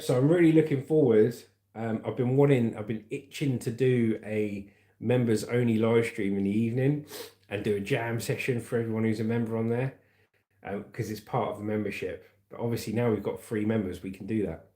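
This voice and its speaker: A man chats casually on a livestream, rambling along as he reads viewer comments aloud. His voice sits mellow and dark, at a middling pitch. The sound carries the echo of a roomy space. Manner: chatty, rambling, calls viewers mate and brother. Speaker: livestream host reading chat. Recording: roomy echoey room.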